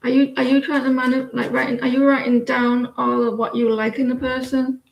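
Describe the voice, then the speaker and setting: A high, level-toned voice, a little fast and creaky, comes through a low-quality recording in an echoey room. It belongs to a woman in her forties doing a live-stream tarot reading with casual chat, rambling with frequent fillers and restarts.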